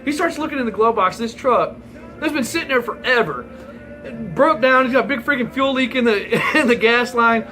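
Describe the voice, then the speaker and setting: A man's voice: very high-pitched, lively intonation, fairly quick, pushed and bright, soft background music, poor audio. A man in his forties telling a rambling, profane story in a casual vlog, laughing as he goes. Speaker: vlogger.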